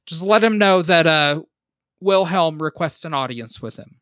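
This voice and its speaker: A man's voice: a little high, expressive, moderate pace, fairly bright tone, dry recording. A man playing a tabletop game, speaking in character hesitantly and politely, with many fillers. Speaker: player. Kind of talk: in-character role-play.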